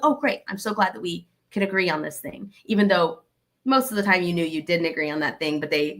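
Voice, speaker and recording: A young adult woman from Arkansas, a comedian guest in an interview, animatedly acting out both sides of the conversations she describes. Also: lowish voice. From Arkansas, USA. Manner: animated, acts out both sides of quoted dialogue.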